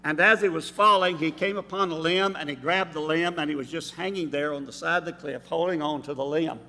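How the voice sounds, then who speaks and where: A man filling in as preacher, giving a measured, explanatory sermon with pauses in a church sanctuary. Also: a little high, steady tone, bright, forceful tone. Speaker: substitute preacher. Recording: reverberant church hall.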